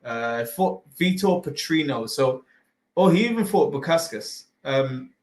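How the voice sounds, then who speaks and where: Casting: male podcast host, mid-range voice, rambling casual delivery, swears freely, fills pauses with "uh". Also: mid-range voice, lively intonation, a little mellow, rough recording. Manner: rambling, full of fillers and restarts, swears casually. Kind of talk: casual fight-talk podcast chat.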